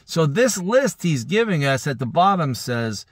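A man's voice: fairly high pitch, very animated, a little slow, dry recording, clean studio sound. A man preaching an early-morning Bible teaching, earnest and rambling, often correcting himself, sleepy and yawning. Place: indoors.

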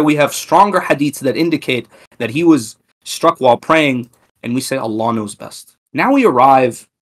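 A man reading out a scripted religious history lecture in a measured, reverent way, with small restarts. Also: medium pitch, a bit bright.

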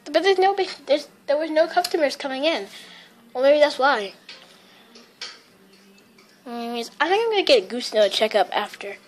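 A female speaker acting out a homemade toy story and doing every voice herself, in a lively, rambling way. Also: high-pitched, moderate pace, long pauses, slight background noise. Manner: lively, rambling, restarts lines.

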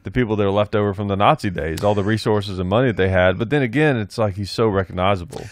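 A man's voice: fairly low pitch, quick pace, no echo, studio quality. A man co-hosting a podcast in casual chat, often hesitant and searching for words. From United States. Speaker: podcast co-host.

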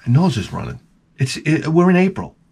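A middle-aged man rambles through stories in a casual vlog monologue. He swears freely, and his pitch swings up and down all the time. His voice sits a bit high for a man. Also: fairly quick, breathy edge. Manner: rambling, profane, animated storytelling. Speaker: vlogger.

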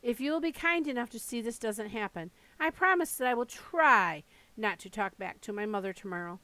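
A woman's voice: a little high, animated, a little fast, bright, forceful tone, no echo, low-quality recording. A woman reading aloud and voicing a frightened, earnest young girl who pleads. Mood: pleading.

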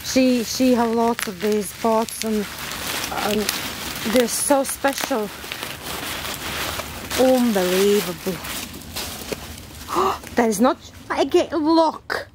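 High-voiced woman gasping over an unboxing. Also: noisy background. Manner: gasping and exclaiming, halting non-native English. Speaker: plant vlogger. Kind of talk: unboxing vlog.

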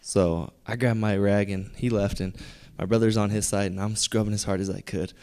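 A young man telling a personal story on stage at a live storytelling event, conversational and building to punchlines with pauses. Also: on the low side, fairly even intonation, darkish tone, smooth. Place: theater stage.

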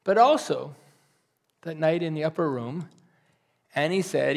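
A man preaching a sermon as a pastor, earnest and pleading, swinging between loud rises and soft, almost whispered drops. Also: a little high, expressive, unhurried, gravelly, pauses often.

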